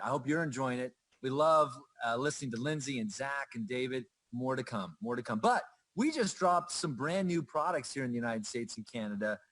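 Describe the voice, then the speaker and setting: A man's voice: medium pitch, a bit bright. A middle-aged man hosting a company livestream, enthusiastic and playful, joking with the chat. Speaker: host. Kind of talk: upbeat livestream presenting.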